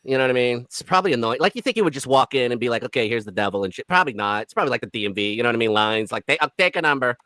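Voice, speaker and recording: Male commentary host, sarcastic and mocking, lively bright voice, dry close sound. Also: medium pitch, racing, few pauses, no echo. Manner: sarcastic, mocking, laughs often, puts on exaggerated voices. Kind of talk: casual commentary on news clips.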